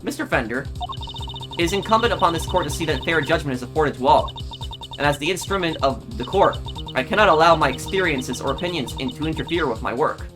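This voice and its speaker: A man's voice: fairly high pitch, expressive, fast, lightly acted. A man reading a stern commanding judge. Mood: formal. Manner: formal, commanding. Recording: game music behind voice.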